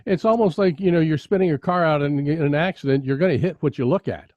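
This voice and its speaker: A man's voice: a little high, fast talker, dry recording. A man with a slightly raised voice tells stories enthusiastically and with emphasis, in a casual interview chat. The sound is dry and close, with a somewhat muffled, dull tone.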